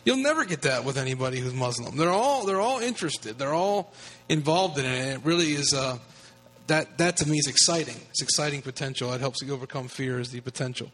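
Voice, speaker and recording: A man's voice: mid-range voice, expressive, a little fast, fairly bright tone. A man from the United States, a guest telling a personal story in an earnest, conversational way. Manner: earnest, with frequent restarts. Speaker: guest speaker on evangelism.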